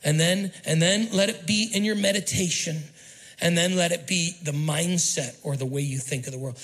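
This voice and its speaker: A male pastor delivering a sermon, his voice sitting a bit higher than most men's. He preaches emphatically, repeating phrases for effect and prompting the congregation to finish his sentences. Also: normal speed, fairly bright tone, low-quality recording. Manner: call-and-response prompting. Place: church auditorium.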